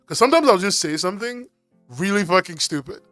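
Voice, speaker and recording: A man's voice: high-pitched, expressive, brisk, a bit bright, soft background music. A man chatting casually on a stream, joking, swearing and laughing often. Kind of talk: casual stream chat reacting to videos.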